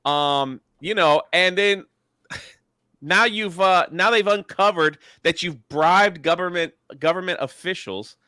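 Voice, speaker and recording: A man's voice: sits high, measured pace, pushed and bright, clear, resonant tone, no room sound, studio quality. A man hosting a casual show, talking through entertainment news with sarcasm and frequent fillers. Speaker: show host.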